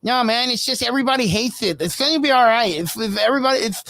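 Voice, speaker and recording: A man's voice: extremely high pitch, lively intonation, fast, sharp tone, no echo, pitched above the performer's own voice, heavily acted. A man voicing a nasal, nerdy young male store worker who talks in a meek, reassuring way.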